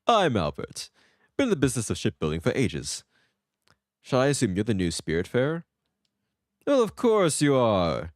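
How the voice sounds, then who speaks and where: A man voicing a jovial, boastful old male shipbuilder and salesman, straining to sound gruff while reading game dialogue aloud. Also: mid-range voice, wildly swooping pitch, moderate pace, pauses often, no room sound, studio quality, pitched above the performer's own voice.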